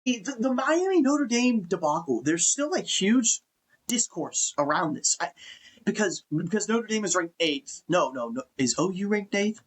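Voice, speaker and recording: A man's voice: high voice, big pitch swings, measured pace, husky. A man hosting a casual sports talk show, ranting in an exasperated way and swearing now and then. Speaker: podcast host.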